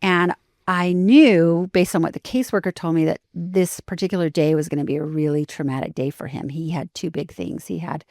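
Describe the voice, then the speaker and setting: A woman guest on a podcast, telling a story in an animated way and acting out the dialogue. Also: lowish voice, a little fast, dry recording, clean studio sound. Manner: animated, acts out dialogue with lively shifts.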